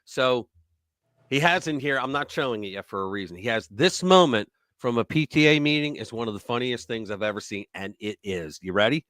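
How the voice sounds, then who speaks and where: A man's voice: mid-range voice, brisk, no room sound, clean studio sound. A man hosting a live stream, chatting casually, joking and reading news aloud. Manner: animated, joking, reads articles aloud. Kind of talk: casual commentary chat.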